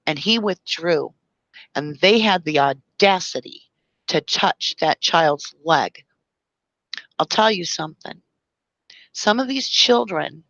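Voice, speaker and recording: A woman's voice: lowish voice, expressive, slow, fairly bright tone, dry recording, muffled recording. A woman hosting a live stream, speaking with passion and emotion, reading viewer comments and explaining through long analogies. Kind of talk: impassioned live-stream talk.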